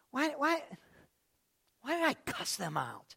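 A man preaching a sermon as pastor, asking the congregation questions and swinging between loud, drawn-out lines and hushed ones. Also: high-pitched, very animated, gravelly.

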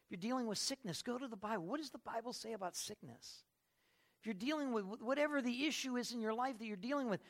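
A man preaching a sermon in an emphatic way, building to loud bursts and acting out the people he quotes. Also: very high-pitched, quick pace.

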